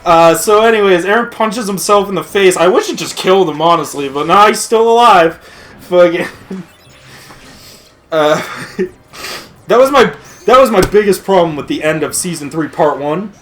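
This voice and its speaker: A man's voice: sits high, animated, moderate pace, slight background noise. Profane, laughing man on a rant. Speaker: let's play commentator. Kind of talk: casual ranting commentary.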